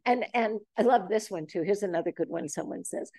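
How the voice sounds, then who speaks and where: A woman's voice: mid-range voice, brisk, hardly any pauses, darkish tone, no echo. Older woman host, 70s, chatty storyteller, acts out the quotes, dry close sound. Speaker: host leading a group talk. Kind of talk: casual group chat. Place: boxing gym.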